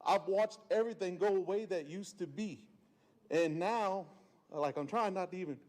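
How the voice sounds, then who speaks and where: A man's voice: high voice, moderate pace, darkish tone. A man of about forty, giving an emotional, blunt and folksy public comment at a county meeting podium, full of fillers and restarts. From South Carolina Lowcountry.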